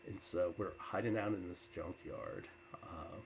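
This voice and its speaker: A man telling personal stories to an audience with many filler uhs, turning loud and animated when he quotes himself. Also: low voice, a little slow, slight background noise, poor audio. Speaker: storyteller. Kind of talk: personal storytelling talk.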